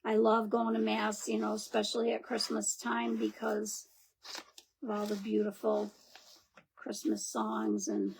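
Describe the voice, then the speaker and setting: A woman's voice: medium pitch, unhurried, vocal fry, a little hiss or hum. A woman hosting a live crafting demo, chatting and greeting viewers by name as she works. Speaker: craft livestream host.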